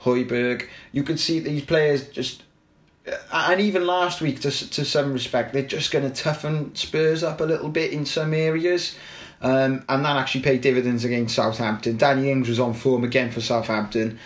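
Guy on a footy podcast, mid pitch, chatty, lots of ums and restarts. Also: fairly even intonation, moderate pace. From Wales. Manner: chatty, opinionated, frequent fillers and restarts. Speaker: podcast co-host. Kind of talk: casual football chat.

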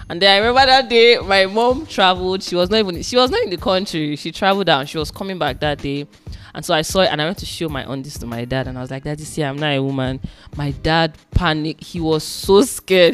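A woman's voice: sits low, fairly quick, soft background music. A young woman from Nigeria, a guest in a casual chat, telling stories animatedly and acting out her parents' voices.

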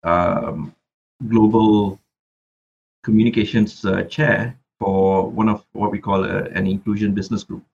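A man's voice: lowish voice, flat delivery, unhurried, creaky, a little mellow, breathy edge, highs cut off. A Malaysian man who raps, talking reflectively as a podcast guest and often repeating words while he thinks. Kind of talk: casual interview chat.

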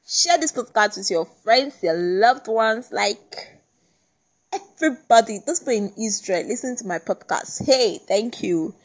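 A woman's voice: fairly high pitch, lively intonation, measured pace. A young woman from Nigeria with a Nigerian accent, chatting casually and bubbly as host of her own podcast, laughing often. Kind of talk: casual solo podcast chat.

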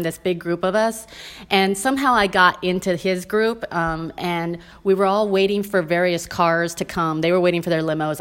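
A woman co-hosting a casual podcast, telling a rambling anecdote with lots of ums and asides. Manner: rambling with many ums, acts out her own quotes in a high excited voice. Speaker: podcast co-host. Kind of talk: casual storytelling chat.

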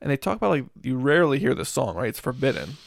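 Gravelly man in a casual book chat. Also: mid-range voice, very animated, fast, no echo, clean studio sound. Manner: rambling, leans heavily on "like" and "um".

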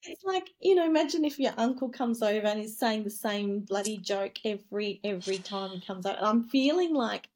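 A woman's voice: mid-range voice, animated, fairly quick, darkish tone. A woman co-hosting a podcast, gossiping animatedly in casual chat and laughing easily. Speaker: podcast co-host.

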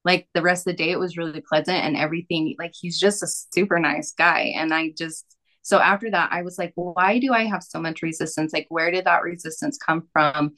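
A woman's voice: fairly low pitch, steady tone, fairly quick, fairly bright tone. A woman, a podcast guest, chatting casually as she tells a personal story with lots of fillers and quoted asides. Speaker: podcast guest, massage therapist.

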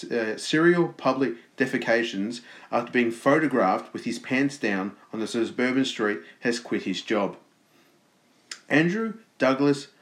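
An Australian man co-hosting a casual podcast, reading odd news stories aloud and cracking jokes between sentences. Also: medium pitch. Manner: reads news stories aloud with jokey asides. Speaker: podcast co-host. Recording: roomy echo.

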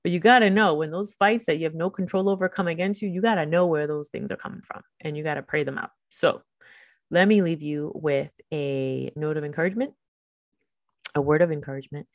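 A woman's voice: low voice, brisk, no room sound. A woman hosting a faith podcast, preaching in a fervent, emphatic, conversational way.

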